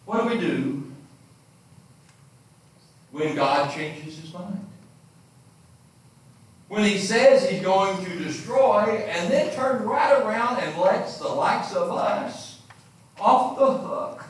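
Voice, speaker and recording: A man's voice: sits high, expressive, slow pace, pauses often. A man preaching a sermon, retelling scripture stories with dramatic emphasis. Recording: very echoey room, distant mic.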